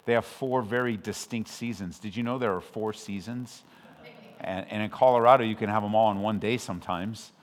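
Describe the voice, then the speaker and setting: A man from Southern California preaching a sermon as pastor, conversational with frequent restarts, swelling loud when he quotes scripture. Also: lowish voice, moderate pace. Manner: conversational and self-interrupting, with restarts. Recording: long hall reverb.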